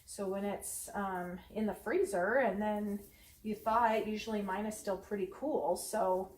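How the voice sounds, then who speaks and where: A chatty cooking channel host, this woman rambles through a casual vlog in her home kitchen, saying um a lot. Her mid-range voice is steady, darkish, and a little slow. The kitchen echoes and she stands far from the microphone.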